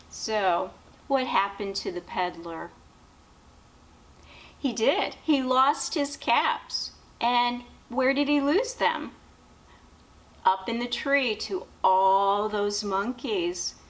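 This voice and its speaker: A woman teacher reading a children's picture book aloud with expressive, drawn-out storytelling, asking questions of young listeners. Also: fairly high pitch. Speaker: teacher and education dean.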